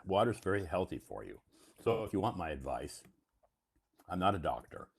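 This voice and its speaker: A man's voice: low voice, sing-song, moderate pace, vocal fry, a little hiss or hum. A man hosting a live stream, explaining English words in a casual, repetitive, emphatic teacher's way.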